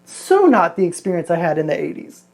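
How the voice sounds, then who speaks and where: A man's voice: high voice, huge pitch swings, a little fast, creaky, no echo. A man in his forties chatting casually in a vlog, reviewing a hair product in a rambling, self-deprecating way. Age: 40s.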